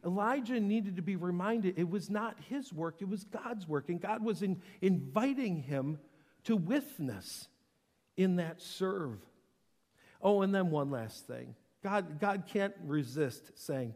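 A man preaching a sermon, impassioned, moving between hushed tones and loud emphasis. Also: a little high, animated, measured pace. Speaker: pastor. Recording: echoing hall with long reverb.

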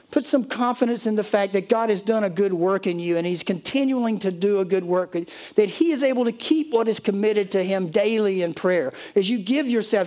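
A man's voice: high-pitched, darkish tone. A male pastor preaching a sermon, exhorting his listeners and telling a story with quoted voices. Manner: urgent, exhorting.

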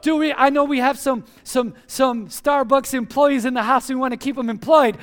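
A male pastor preaching an energetic, emphatic sermon and leading his congregation in call-and-response chants. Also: extremely high pitch, normal speed, hardly any pauses.

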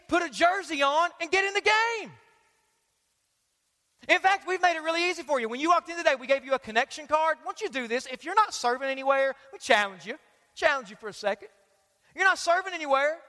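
A pastor gives a lively, joking sermon, addressing the congregation directly. His voice is very high and bright. Long hall reverb surrounds him. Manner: energetic, joking, talks straight to the crowd. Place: large church auditorium.

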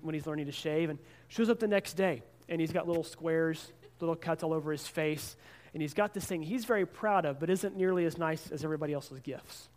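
Pastor, male, high voice, earnest sermon storyteller who stumbles and repeats words.

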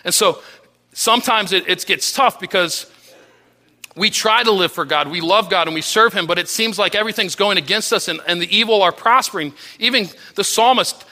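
Bright-voiced preacher, earnest and fervent. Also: male voice, normal speed. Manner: earnest preaching with restarts, voice dropping low and soft on key phrases. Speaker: pastor. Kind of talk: sermon.

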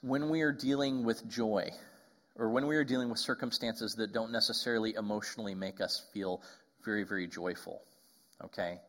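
A man delivers a sermon in a conversational way, tossing in asides to his listeners and restarting phrases. He slows right down to weigh his key points. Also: lowish voice, fairly even intonation, fairly bright tone. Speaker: pastor.

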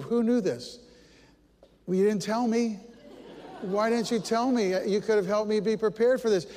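A middle-aged male pastor delivers a sermon with a higher voice than most men, telling stories with lively, self-mocking humor. His voice rings out with a long reverb, as in a large church sanctuary. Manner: storytelling, animated, self-deprecating humor.

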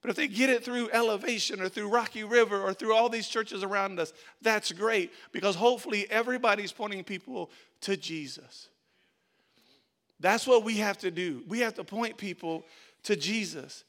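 A man with a high, bright voice preaches to his congregation. He repeats key phrases and builds emphasis as he goes. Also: normal speed. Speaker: pastor. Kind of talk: sermon.

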